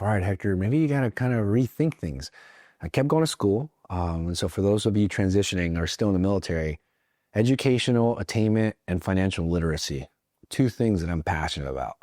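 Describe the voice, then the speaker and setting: A man from Mexico, a veteran guest in an interview, telling a personal story earnestly, with halting restarts and acted-out quotes. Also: fairly low pitch, darkish tone, no room sound, clean studio sound. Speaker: guest, veteran and federal agent.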